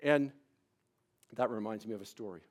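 A man's voice: on the low side, normal speed. A man pastor preaching a sermon, shifting between conversational storytelling and emphatic preaching.

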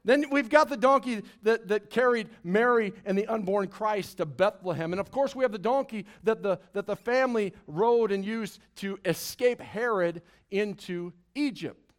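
A man preaching a Sunday sermon to a congregation, swinging between loud, drawn-out emphasis and hushed lines, with playful asides. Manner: expressive preaching, big swings in loudness and pitch, drawn-out dramatic phrases. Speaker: pastor. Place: church service before a congregation.

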